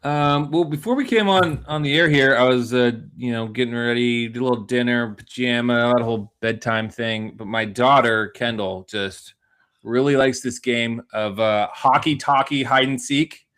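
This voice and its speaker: A man co-hosting a podcast, talking in a relaxed, plainspoken way about his family. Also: mid-range voice, moderate pace, clean tone. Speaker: podcast co-host. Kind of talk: casual chat.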